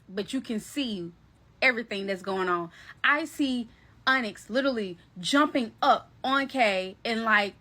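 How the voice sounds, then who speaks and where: A woman telling a story in a casual storytime vlog, animated and slangy, talking straight to her viewers. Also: sits high. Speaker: vlogger.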